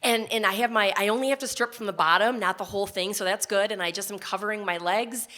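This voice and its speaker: Bright-voiced woman telling a story on stage. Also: mid-range voice, fast talker. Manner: vivid, present-tense, emotional retelling. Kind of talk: personal story told on stage.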